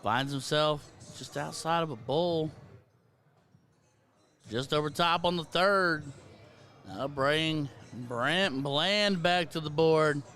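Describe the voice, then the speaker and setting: American man, slightly high voice, breathless live darts play-by-play, chatty and self-deprecating. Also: slow, fairly bright tone. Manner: chatty, self-deprecating, talks to chat viewers. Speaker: darts commentator and stream host.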